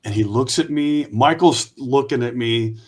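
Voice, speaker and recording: A man, an Army veteran guest, telling a lively anecdote and acting out the voices of the people in it. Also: medium pitch, a little slow, husky. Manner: lively storyteller who acts out quoted voices. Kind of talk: storytelling anecdote.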